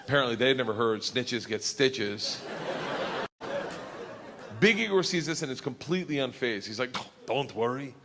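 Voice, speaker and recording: A man doing stand-up storytelling, loud and excitable, swearing and building to shouts, on a roomy stage with audience noise. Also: medium pitch, normal speed, long pauses, crowd noise. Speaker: comedian.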